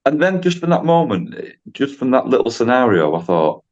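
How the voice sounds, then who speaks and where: Brief: man, low voice, chatty podcast guest, slightly muffled audio. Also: animated, fairly quick, hardly any pauses, darkish tone. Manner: chatty, rambling, acts out dialogue with voices. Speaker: driving instructor guest. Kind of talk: casual podcast storytelling.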